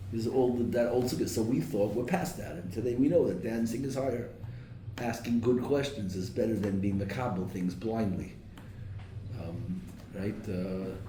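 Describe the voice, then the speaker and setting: Echoey rabbi teaching from afar. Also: male voice, medium pitch, mellow, slight background noise. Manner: asks the audience questions and mixes in Hebrew and Yiddish terms. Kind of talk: lively Torah class lecture. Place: classroom or study hall with a live audience. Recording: echoey room, mic at a distance.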